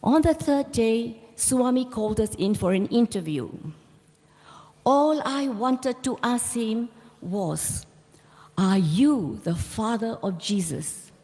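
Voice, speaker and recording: A woman's voice: on the high side, lively intonation, slow, darkish tone. A middle-aged woman giving a devotional talk, telling her personal story in an earnest, storytelling way. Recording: long reverb of a large hall.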